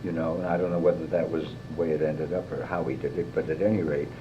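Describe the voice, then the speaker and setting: An older man, a guest actor, telling lively stories in an interview, swearing freely and mimicking others. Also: very deep voice, fast talker. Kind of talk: anecdotal interview. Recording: dull lo-fi tape with faint hiss.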